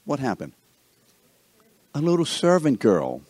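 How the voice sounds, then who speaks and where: A man's voice: medium pitch, unhurried, breathy edge, dry recording. A man teaching a Bible lesson and asking his class questions. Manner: animated, asks the class questions.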